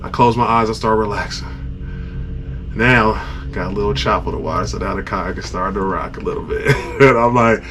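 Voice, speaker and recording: A man hosting a podcast, casually telling a story and acting out his own groans, shouts and sound effects. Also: lowish voice, moderate pace, faint music behind. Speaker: podcast host.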